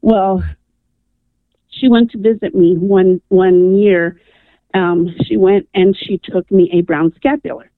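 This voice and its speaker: A woman's voice comes through a thin, phone-band line with a dry sound. She is a radio caller and an animated storyteller who keeps saying "um" and "I'm like." Her pitch sits in the middle. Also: takes it slowly, dry recording, phone-quality sound. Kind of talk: telling a personal story on air. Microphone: telephone.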